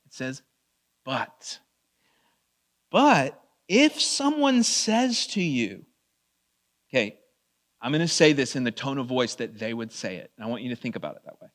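A man preaching a verse-by-verse sermon in a conversational way, asking the audience questions and reading scripture slowly with drawn-out emphasis. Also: medium pitch, big pitch swings, fairly bright tone. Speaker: pastor. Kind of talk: expository sermon.

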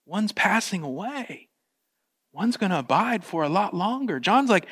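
Animated man preaching a sermon. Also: high voice, normal speed, slightly rough. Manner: animated, shifts into playful voices for quoted speech. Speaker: pastor.

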